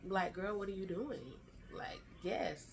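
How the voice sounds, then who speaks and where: A woman in her thirties telling a chatty, animated storytime to her vlog viewers. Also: medium pitch, unhurried, a little hiss or hum. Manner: animated storytelling, acts out quoted family lines; chatty and slangy, fillers like "child" and "y'all". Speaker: vlogger.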